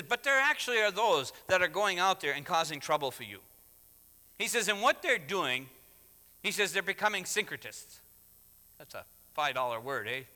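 A man preaching a sermon in an emphatic way, often rising to loud exhortation. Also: high-pitched, big-room sound. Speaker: pastor.

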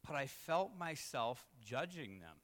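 A man's voice: mid-range voice, big pitch swings, takes it slowly, a bit bright. A man, a pastor, preaching a candid, confessional sermon that rises to emphatic peaks. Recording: long reverb in a hall.

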